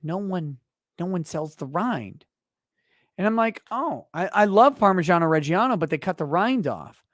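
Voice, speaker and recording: A tipsy man in his thirties hosts a livestream, reading donations aloud and ranting with loud, profane energy that drops suddenly to a mutter. His voice sits a bit high for a man and sounds dry and close to the mic. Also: expressive, moderate pace, no echo. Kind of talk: casual livestream chat.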